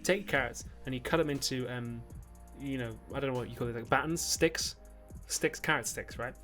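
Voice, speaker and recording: A man's voice: medium pitch, normal speed, over music. A man from Newcastle with a Geordie accent, chatting on his livestream, reading viewer messages, rambling with fillers and the odd burst of mock outrage. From Newcastle, northern England. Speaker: YouTube host on a livestream. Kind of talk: casual live-stream chat reading super chats.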